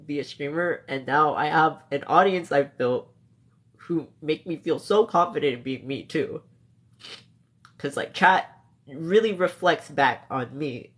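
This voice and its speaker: A young man streaming live, emotional and close to tears, talking to his chat with laughs and restarts. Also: fairly high pitch. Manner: emotional, tearful, laughing between words; reads chat comments aloud softly.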